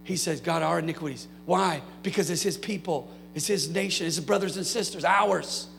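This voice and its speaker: A man's voice: a little high, moderate pace, vocal fry, fairly bright tone. A man preaching a sermon to a congregation, with rhetorical questions and passionate prayer. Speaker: pastor. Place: church sanctuary. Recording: hall reverb, faint mains hum.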